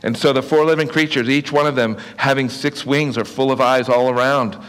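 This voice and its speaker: A man preaches from the pulpit in a relaxed, conversational way, stumbling into restarts and quick asides as he explains his points. His voice sits at an ordinary middle pitch. The sound rings with the long reverb of a large church hall. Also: smooth. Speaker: pastor. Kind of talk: sermon.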